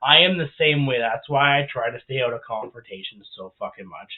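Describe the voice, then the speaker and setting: A man's voice: mid-range voice, animated, brisk. A man co-hosting a casual podcast chats bluntly and swears freely. His voice is in the ordinary middle range for a man. The audio is narrow and tinny, like a phone call. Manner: blunt, profane reactions. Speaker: podcast co-host. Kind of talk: casual chat.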